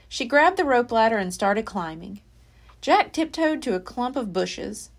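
A woman's voice: on the high side, sing-song, measured pace, creaky. A woman library storyteller reading a children's chapter book aloud with expression. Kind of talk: children's read-aloud narration.

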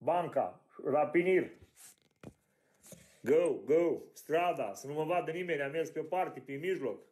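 A man's voice: fairly high pitch, moderate pace, a little mellow. A Romanian man on a video call, speaking broken English with a Romanian accent and repeating single words insistently, slipping into his own language. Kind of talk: casual video chat.

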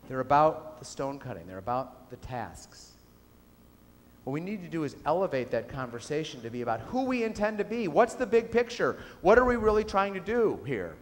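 A man's voice: a little high, slight background noise. Man giving a keynote in an echoing hall. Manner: storytelling, asks the audience questions. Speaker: keynote speaker. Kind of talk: business keynote speech. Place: lecture hall with audience. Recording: reverberant hall.

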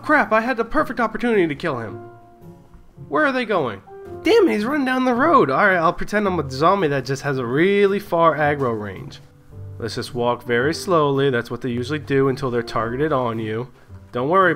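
A man hosting a gaming video, giving excitable live commentary on his own play, swearing, laughing and talking to himself. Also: a little high.

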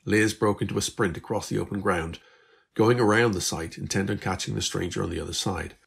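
Low gravelly male storyteller. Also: steady tone, a little fast, fairly bright tone. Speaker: author reading his story. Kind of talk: storybook narration.

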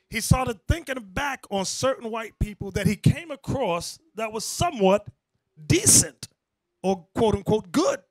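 A man preaching a lively sermon to a class, calling out for scriptures and acting out people's reactions. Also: sits high, measured pace, no room sound, studio quality. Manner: animated, calls out for scripture, acts out people's reactions.

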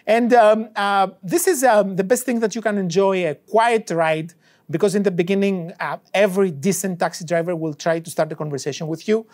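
A man's voice: high-pitched, brisk, darkish tone. A male economics professor telling an anecdote during a university lecture, a non-native English speaker who acts out both sides of the dialogues as he goes. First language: not English.

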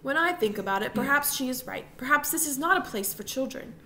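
A woman reading the part of a stern but weary father in a storybook, measured and slightly sad. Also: sits high, expressive, sharp tone, a little hiss or hum, pitched above the performer's own voice, heavily acted. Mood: grave.

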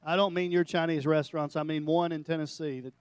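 A middle-aged male pastor giving a sermon, animated and storytelling, breaking into jokes. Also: a little high, quick pace, clear, resonant tone, dry recording.

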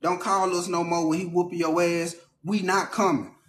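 A man's voice: high-pitched, little pitch movement, normal speed, a bit bright, slight background noise. Fed-up blunt mother, as a man quotes her. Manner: blunt, curt. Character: fed-up tough mother, middle-aged woman.

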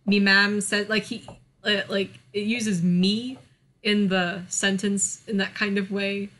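Bright, chatty American woman. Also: medium pitch, steady tone, slow. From United States. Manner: chatty, lots of fillers, laughs often. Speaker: podcast co-host. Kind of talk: casual chat.

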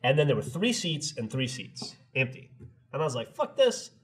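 A man's voice: mid-range voice, very animated, moderate pace, breathy edge. A middle-aged man on a podcast, telling a long story in casual chat and acting out both sides with laughs. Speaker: podcast co-host.

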